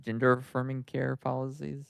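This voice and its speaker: A man co-hosting a casual political podcast, with a deadpan, darkly joking manner. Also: medium pitch, moderate pace, gravelly, clear, resonant tone, dry recording. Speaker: podcast co-host.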